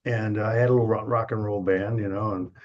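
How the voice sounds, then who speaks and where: A man's voice: fairly low pitch, fairly even intonation, fairly quick, darkish tone, lo-fi sound. Chuckling older man telling stories. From Detroit. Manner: chuckling, rambling anecdotes. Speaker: guest, drum company co-founder. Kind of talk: casual storytelling.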